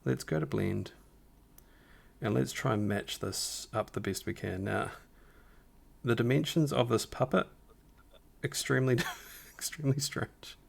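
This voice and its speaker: A man hosting a live stream with a rough morning voice, casually talking viewers through a Photoshop edit step by step. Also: mid-range voice, unhurried, long pauses. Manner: talks the viewers through each step, upbeat and encouraging. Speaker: stream host doing a Photoshop tutorial.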